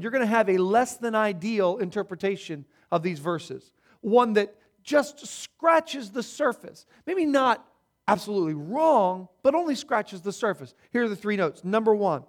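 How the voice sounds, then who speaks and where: High-voiced man preaching a sermon. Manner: emphatic, repeats key words, varies loudness for stress. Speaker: pastor.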